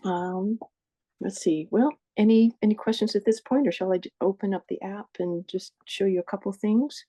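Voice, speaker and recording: A woman's voice: medium pitch, normal speed, warm tone. A woman presenting to a group over a video call, talking in a chatty way, often correcting herself and apologizing. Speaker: presenter of a support group session. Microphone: earbuds with a phone.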